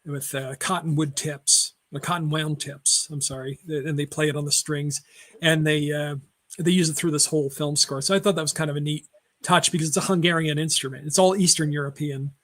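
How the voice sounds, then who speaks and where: A man talks casually on a film chat show, wandering through trivia. He fills pauses with ums and uhs and corrects himself often. His voice sits somewhat high for a man. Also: fairly even intonation, a bit bright. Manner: rambling, many fillers and self-corrections. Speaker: podcast co-host.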